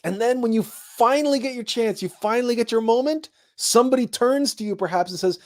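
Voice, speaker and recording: A man hosting a spiritual talk show, speaking in a monologue that grows animated as he acts out imagined people. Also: very high-pitched, fairly quick, hardly any pauses. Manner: animated storytelling, acting out imagined people in raised voices. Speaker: host.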